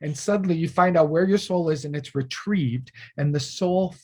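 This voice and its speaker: Husky man telling a heartfelt story. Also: fairly high pitch, normal speed. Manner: earnest, emotional, with many restarts and soft drops in volume. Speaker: spiritual teacher. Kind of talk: personal storytelling.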